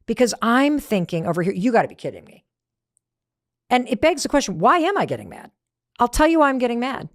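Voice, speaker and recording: Animated middle-aged woman, motivational talk. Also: on the high side, fast, dry recording, studio quality. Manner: animated, conversational, acts out quoted lines. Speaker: motivational podcast host.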